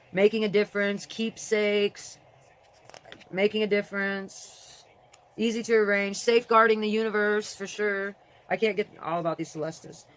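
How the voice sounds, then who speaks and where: Reading aloud from a website and chatting casually, this adult vlogger, parent of a grown daughter, has a medium-pitched, clear, resonant voice. She rambles, cuts herself off and shifts from excitement to mourning.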